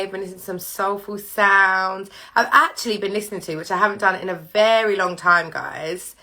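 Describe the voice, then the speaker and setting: A bubbly woman hosts a casual live stream from her living room, chatting straight to the people watching. Her voice is bright and sits at a middling pitch, picked up over a video call. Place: home living room with piano and candles.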